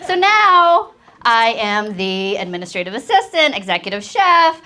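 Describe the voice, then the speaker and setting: On a comedy stage before a live audience, a woman in her thirties does a stand-up set, telling animated stories and acting out the quotes. Her voice is a little high and unhurried, with background noise and a laughing crowd in the room.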